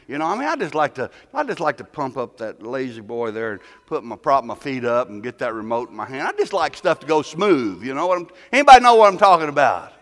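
A man's voice: medium pitch, big pitch swings, fast talker, few pauses, big-room sound. A man preaching a sermon as pastor, talking in a folksy way, with rhetorical questions and stumbling repeats.

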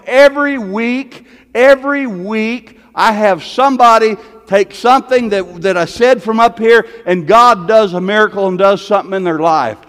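Pastor, male, high voice, sermon delivery, repetitive and swinging between loud and hushed, long hall reverb. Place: church sanctuary.

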